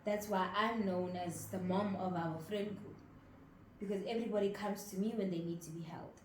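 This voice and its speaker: Mellow-voiced young woman, candid and reflective. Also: mid-range voice, fairly even intonation, moderate pace. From South Africa. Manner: candid, reflective, matter-of-fact. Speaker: podcast co-host, daughter. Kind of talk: casual heart-to-heart chat. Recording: echoey room with faint noise.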